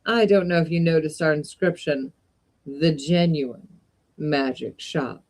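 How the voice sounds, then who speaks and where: A woman's voice: low-pitched, unhurried, a little mellow. A woman doing an uncanny polite magic shopkeeper. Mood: courteous. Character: tall uncanny male magic shopkeeper, smooth and courteous.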